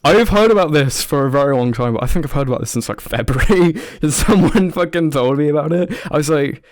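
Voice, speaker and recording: A man's voice: on the high side, expressive, a little fast, darkish tone, no room sound, clean studio sound. A man in casual podcast chat, blunt and swearing often.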